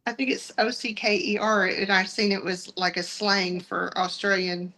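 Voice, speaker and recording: A woman from the southern United States with a Southern accent, a guest in a casual live-stream chat, talking quickly and chattily. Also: mid-range voice, level tone, pushed and bright, poor audio. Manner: rapid, chatty, says y'all.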